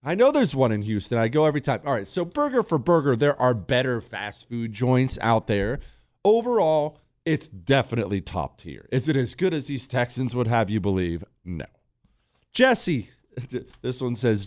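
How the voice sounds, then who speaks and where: A man's voice: medium pitch, moderate pace, no echo. Joking male radio host, dry studio. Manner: joking, animated banter. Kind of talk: casual radio talk. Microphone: studio mic.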